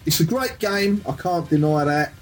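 A man's voice: fairly high pitch, animated, moderate pace, faint music behind. A middle-aged man co-hosting a casual retro gaming podcast, self-deprecating and rambling with chuckles. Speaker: podcast co-host.

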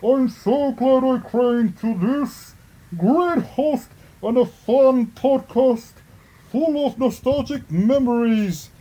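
A man reading a fan review aloud in a put-on, high, sing-song voice. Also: takes it slowly, warm tone, heavily acted, rough recording. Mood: mock earnest.

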